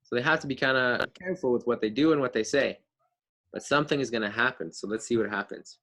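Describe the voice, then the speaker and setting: A man's voice: mid-range voice, fast talker, sharp tone. A man teaching a fifth grade class, reading a book aloud and stopping to explain words and ask the kids questions.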